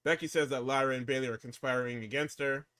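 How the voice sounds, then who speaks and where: A man co-hosting a casual, profane talk show, recapping wrestling and swinging between hyped outbursts and low muttering. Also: fairly even intonation, quick pace, a bit bright. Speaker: podcast co-host recapping wrestling.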